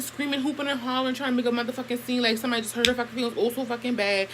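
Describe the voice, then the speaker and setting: A woman's voice: on the high side, racing, hardly any pauses, noisy background. A young woman telling a family story to her camera in a casual, profane and heated way. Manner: profane, animated, heated retelling. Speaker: vlogger.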